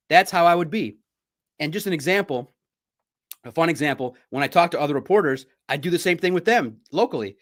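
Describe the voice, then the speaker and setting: Middle-aged man, sports podcast host, slightly high voice, cocky trash-talk, repeats his lines. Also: expressive, quick pace. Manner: boastful, repetitive, trash-talking. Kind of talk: casual podcast monologue.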